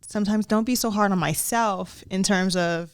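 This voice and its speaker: A woman's voice: mid-range voice, normal speed, clear, resonant tone, dry recording, studio quality. A woman co-hosting a podcast, talking in a chatty, easygoing way with lots of fillers. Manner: chatty, many fillers, laughs easily. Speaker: podcast co-host. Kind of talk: casual podcast chat.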